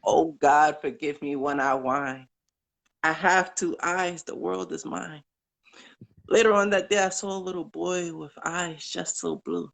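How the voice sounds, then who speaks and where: Slow, earnest man reciting poems. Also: a little high, steady tone, gravelly, fairly bright tone. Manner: earnest, unhurried, halting between verses. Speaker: caller. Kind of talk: reciting poems from memory on a live call.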